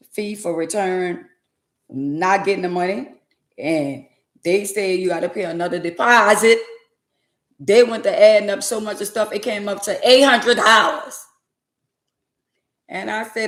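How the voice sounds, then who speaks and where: Woman, lively storytelling vlogger, lowish voice, echoey room. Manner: lively, preachy asides, dialect speech. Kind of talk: casual storytelling to viewers.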